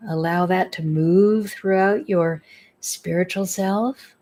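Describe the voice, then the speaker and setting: A woman's voice: lowish voice, fairly even intonation, slow pace, mellow. A woman leading a guided tapping meditation. She speaks in a soothing, instructive way and repeats affirmations for the listener to say back. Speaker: spiritual healer leading a guided exercise.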